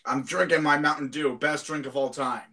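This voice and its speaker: A man's voice: a little high, steady tone, a little fast. A man co-hosting a podcast in laid-back, rambling banter. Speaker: podcast co-host. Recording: loud background noise.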